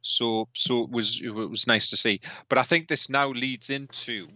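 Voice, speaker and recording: On a dry recording, a man co-hosting a podcast keeps things chatty, posing questions and frequently trailing off to restart sentences. His voice is medium-pitched and sharp, with a steady tone at normal speed.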